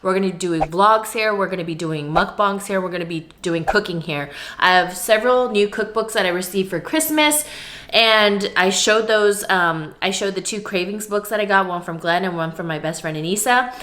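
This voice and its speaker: A young woman chats to her camera at home in a relaxed vlog. She talks candidly and easily, pausing now and then for a bite of food. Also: medium pitch. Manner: chatty, candid, talks between bites of food. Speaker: vlogger. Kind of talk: casual vlog chat while eating. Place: at home, indoors.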